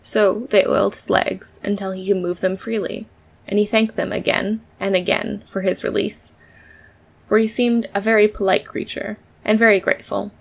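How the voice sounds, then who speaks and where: Female storybook narrator, steady delivery with a creaky edge. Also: mid-range voice, normal speed. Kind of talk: storybook reading.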